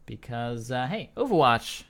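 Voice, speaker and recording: A man's voice: medium pitch, very animated, a little slow, fairly bright tone. A man casting an esports tournament in casual, jokey chat, rambling and restarting his sentences. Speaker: esports caster.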